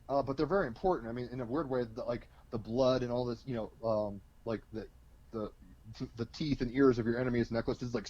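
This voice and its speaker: A man at a mid-range pitch tells a loose, rambling story as an astrology guest, full of fillers. His delivery is animated and casual. The audio is dull and lo-fi.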